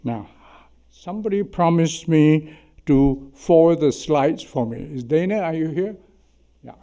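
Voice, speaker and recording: A man's voice: a little high, unhurried, mellow. A man in his eighties with a Chinese accent, telling humorous anecdotes at a symposium, chatty and self-deprecating, often tagging "okay?". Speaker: surgeon giving a symposium talk. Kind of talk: anecdotal lecture. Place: lecture hall.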